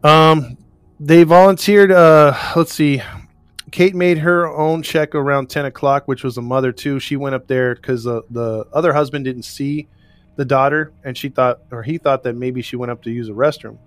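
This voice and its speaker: A man's voice: mid-range voice, fairly even intonation, moderate pace, no echo. A man co-hosting a casual chat, recounting a case in a rambling way with restarts and laughs. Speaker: podcast co-host recounting a case.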